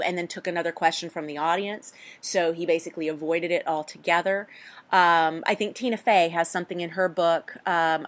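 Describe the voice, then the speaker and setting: A woman hosting an advice show for actors, talking in a blunt, animated way with mild swearing. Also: on the low side. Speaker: host; casting coach. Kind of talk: advice talk.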